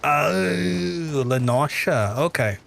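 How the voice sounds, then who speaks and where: A man's voice: on the high side, extremely slow, vocal fry, a little hiss or hum. A man streaming a game live, chatting to viewers, swearing freely and stumbling over hard names as he repeats them. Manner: excitable, swears often, reads chat aloud.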